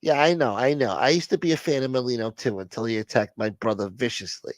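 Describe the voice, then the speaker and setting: A man's voice: medium pitch, fast, dry recording, pitched above the performer's own voice, lightly acted. A man voicing an adoring married woman fan who gushes and fawns. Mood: complaining.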